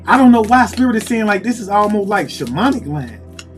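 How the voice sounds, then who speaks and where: A man giving a casual tarot reading to viewers, talking in a musing, repetitive way and pausing to call on spirit. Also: high voice, very animated, faint music behind. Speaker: tarot reader.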